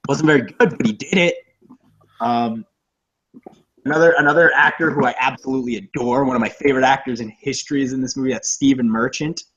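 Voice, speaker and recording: A young man co-hosting a casual movie podcast, rambling, profane and excitable. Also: medium pitch, fast, highs cut off. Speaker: podcast co-host.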